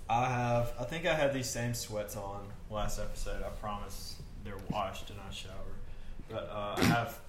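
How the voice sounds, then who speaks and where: A man's voice: on the low side, fairly even intonation, moderate pace. A young man co-hosting a podcast in casual chat, laid-back and joking. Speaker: podcast co-host. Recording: echoey room with noise.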